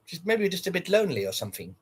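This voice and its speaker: A man with a husky, slightly high voice chats on a livestream, bluntly answering viewers and swearing freely. His pitch swings widely as he talks, giving him a lively, up-and-down delivery. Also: racing. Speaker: livestreamer reading chat. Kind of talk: casual livestream chat.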